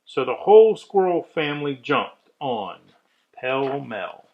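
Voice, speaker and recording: Slow man reading a rhyming storybook. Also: medium pitch, lo-fi sound. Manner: measured, expressive rhyming delivery. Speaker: reader of a children's story. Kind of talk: rhyming storybook read-aloud.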